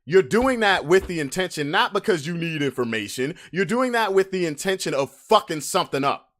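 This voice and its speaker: A man's voice: high voice, big pitch swings, fairly quick, a bit bright. A man hosting a podcast, delivering a brash, swaggering comic rant full of trash talk. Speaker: podcast host.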